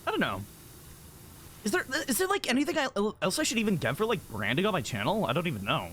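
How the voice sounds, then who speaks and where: Bright, lively young-sounding man streaming a game. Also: high-pitched, fast talker, slight background noise. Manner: rambling, giggly, easily excited, many "like" fillers. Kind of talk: casual live-stream chat while gaming.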